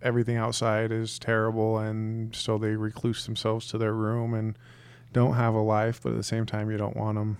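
A young man co-hosting a podcast with his wife, joking and sharing his opinions in a relaxed, drawn-out way. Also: on the low side, smooth, no echo. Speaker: podcast co-host. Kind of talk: casual chat.

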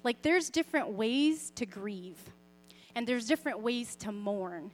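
A young woman giving a personal faith talk, speaking expressively and conversationally, often softening to a quiet, gentle tone. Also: fairly high pitch, lively intonation, measured pace. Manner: conversational, with fillers and self-corrections. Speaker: Christian speaker sharing a parenting story.

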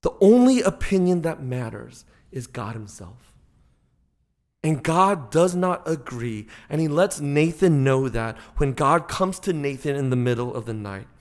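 A man's voice: on the high side, animated, measured pace. Dynamic male pastor preaching a sermon. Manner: dynamic preaching, swings between loud emphatic peaks and quiet drops.

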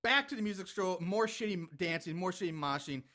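A man's voice: high-pitched, lively intonation, a little fast, pushed and bright. A man casually recapping a horror film with a co-host, rambling with lots of fillers and the odd swear. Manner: rambling, profane, laughing recap with many fillers. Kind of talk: casual chat.

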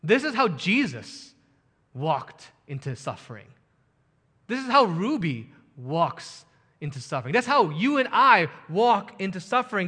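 Bright-voiced male pastor preaching in a hall. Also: high-pitched, very animated, unhurried, breathy edge. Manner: earnest storytelling, building to emphatic rhetorical questions. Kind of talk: sermon.

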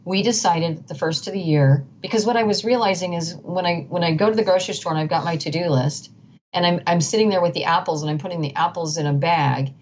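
A middle-aged woman guest with a lowish, darkish voice talks fast, telling her story earnestly and emphatically while often restarting and repeating phrases. The recording sounds dull and lo-fi, with faint noise.

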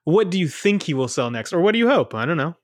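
A man's voice: fairly high pitch, big pitch swings, fast, no echo, clean studio sound. A man co-hosting a casual podcast, asking curious questions and bringing up news items. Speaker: podcast co-host.

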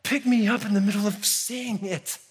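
Male pastor, sermon, earnest and conversational, fairly high voice, hushed intensity. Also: fairly even intonation, normal speed, breathy edge.

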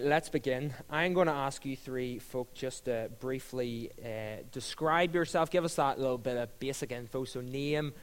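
Jokey host in a hall. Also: male voice, medium pitch, clean tone. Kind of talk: hosting a panel Q and A. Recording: long reverb of a hall.

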